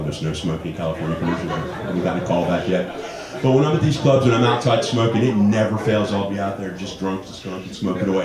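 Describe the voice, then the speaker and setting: Man, fifties, stand-up comic, animated storytelling, big echo, audience laughter behind. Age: 50s. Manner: animated storytelling, jumps high for quoted voices. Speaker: stand-up comedian. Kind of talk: stand-up comedy set. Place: comedy club stage. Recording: roomy club with audience laughter.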